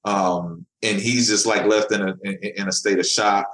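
A man's voice: fairly low pitch, fairly even intonation, moderate pace, fairly bright tone. A man, a comic book writer, chatting casually as a podcast guest and often repeating words as he finds his thought. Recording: echoey room.

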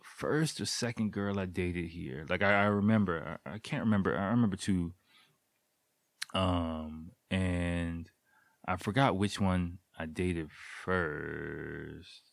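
A man's voice: low voice, slow, gravelly, no room sound. A man in his thirties casually telling a rambling, profane personal story, full of fillers and restarts. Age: 30s. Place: living in Japan.

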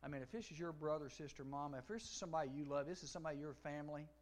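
A middle-aged man preaching a sermon to a youth audience, telling the story with animation and acting out dialogue, swinging from loud to hushed. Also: a little high, rapid-fire. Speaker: pastor. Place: large room before a youth audience.

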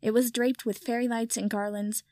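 A woman reading fiction aloud in calm, even narration. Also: on the high side, moderate pace, no room sound, studio quality. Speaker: audiobook reader.

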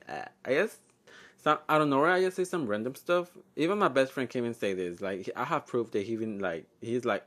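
A man's voice: mid-range voice, big pitch swings, a little fast. A young man hosting a casual solo podcast from home, rambling and profane, laughing often and slipping Spanish words in. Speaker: podcast host.

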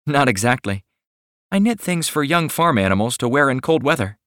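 A bashful young woman of about thirty , as a male narrator puts her on, speaks with a soft, breathy drawl, her voice lifted well above his own. She hesitates before her words, as in a storybook read aloud. The sound is close and dry. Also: medium pitch, expressive, moderate pace, no room sound, pitched above the performer's own voice, close to an everyday voice. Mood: shy. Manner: hesitant and shy. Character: shy sweet young woman caller, 29. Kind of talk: audiobook narration.

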